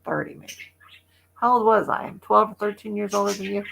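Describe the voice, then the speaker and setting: A woman's voice: medium pitch, fairly quick, creaky, fairly bright tone, poor audio. A chatty woman in her sixties from the Midwest, rambling casually to livestream viewers and laughing often. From American Midwest. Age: 60s. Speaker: livestream host.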